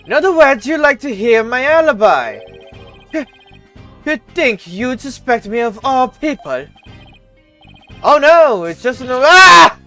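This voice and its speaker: A streamer voicing a vain, flamboyant, beauty-obsessed man in a game read-through, with a haughty, drawn-out theatrical delivery. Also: mid-range voice, sing-song, fairly bright tone, soft background music, voice pushed up. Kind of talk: game dialogue read aloud.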